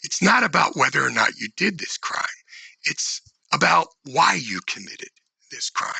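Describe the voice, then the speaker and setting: A man with a gravelly voice, explaining as a legal expert in an emphatic way. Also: a little high, sing-song, normal speed, bright, forceful tone, no room sound, low-quality recording. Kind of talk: explanatory interview talk.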